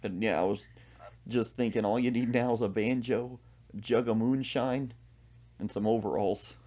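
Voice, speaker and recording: Host, comic storyteller, dull lo-fi sound. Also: male voice, mid-range voice, fairly even intonation, normal speed, warm tone. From Central Texas. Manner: storytelling with laughs and quoted voices. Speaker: podcast host. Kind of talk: comic casual chat.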